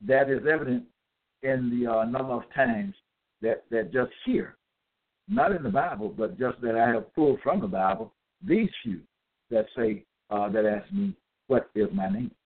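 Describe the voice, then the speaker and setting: A man delivering a scripture-citing monologue, reading out verse references and pausing to ask "okay?" as he goes. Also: medium pitch, expressive. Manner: deliberate, checks in with "okay?"; spells out capitals, hesitant fillers. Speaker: self-styled religious teacher. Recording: tinny phone-like audio.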